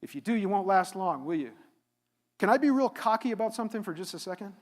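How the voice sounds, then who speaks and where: A middle-aged man giving a live motivational keynote at a conference, animated and asking the audience questions. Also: high voice, quick pace. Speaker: keynote speaker. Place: conference hall. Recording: reverberant hall.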